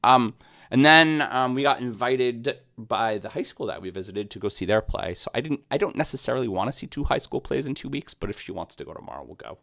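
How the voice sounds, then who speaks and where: A man's voice: mid-range voice, animated, fairly quick, gravelly, a bit bright, no room sound, clean studio sound. A middle-aged man co-hosting a casual podcast chat, joking and rambling with plenty of fillers. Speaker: co-host.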